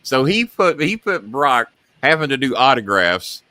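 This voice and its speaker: A man's voice: medium pitch, very animated, a little slow, sharp tone, no echo. A middle-aged man hosting a talk show, telling a long story and acting out the quotes in it.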